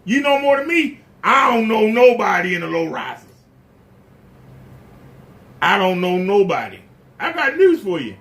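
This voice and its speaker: Pitched high and very animated, this man takes his time, leaving long pauses in a casual rant on his YouTube channel. The audio is a bit bright, and he keeps hammering the camera with indignant rhetorical questions.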